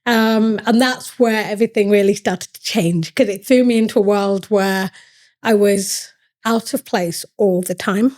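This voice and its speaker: A woman's voice: medium pitch, fairly even intonation, unhurried, darkish tone. Earnest woman from northern England. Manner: earnest, reflective storytelling. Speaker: CEO guest. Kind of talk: podcast interview conversation.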